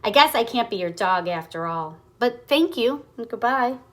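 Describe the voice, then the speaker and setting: A woman's voice: on the high side, expressive, normal speed, a bit bright. Oliver, a woman voicing a polite young elephant. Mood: earnest. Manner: polite, earnest, a bit wistful. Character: gentle, hopeful young male elephant.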